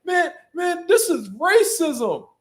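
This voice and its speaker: A man putting on a mocking impression of an indignant young male boxer, in a high-pitched whine. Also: big pitch swings, slow, a bit bright, full character voice. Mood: whining.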